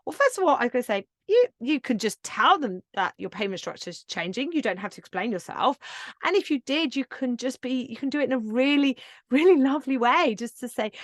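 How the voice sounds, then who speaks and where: Higher-pitched woman coaching on a podcast. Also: sing-song, brisk, no echo, studio quality. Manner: earnest, encouraging, coaching tone with frequent fillers. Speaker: podcast host and yoga business coach. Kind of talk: casual solo podcast talk.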